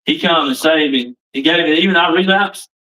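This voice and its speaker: A man's voice: a little high, fairly quick, bright, forceful tone, far from the mic, rough recording. A man giving a plain-spoken, emphatic personal testimony at a recovery meeting, repeating himself for weight.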